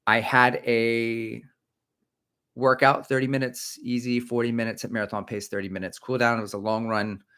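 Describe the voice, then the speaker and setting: A man's voice: medium pitch, level tone, normal speed, a bit bright, clean tone. A middle-aged man hosting a casual running livestream, rambling and self-mocking as he chats about shoes. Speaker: running channel host. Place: indoors, creaky chair.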